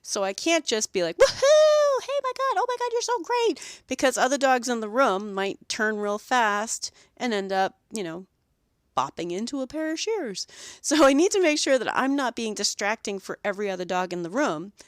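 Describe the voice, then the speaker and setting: A woman's voice: mid-range voice, expressive, normal speed, smooth, no echo, clean studio sound. A woman who grooms dogs hosts her own podcast, talking through her methods in an earnest, reflective coaching tone. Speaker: dog groomer and podcast host. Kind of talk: solo podcast teaching talk.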